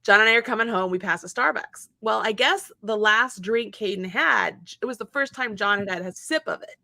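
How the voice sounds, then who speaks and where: A woman's voice: medium pitch, fairly quick, vocal fry, no room sound. A woman in her forties, host of a casual chat, telling a family story and acting out what everyone said. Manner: animated storyteller acting out quotes.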